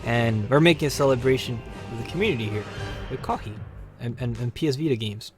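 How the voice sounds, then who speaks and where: A man's voice: mid-range voice, fast talker, over music. A man hosting a casual gaming livestream, chatting upbeat with viewers while he plays. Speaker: livestream host.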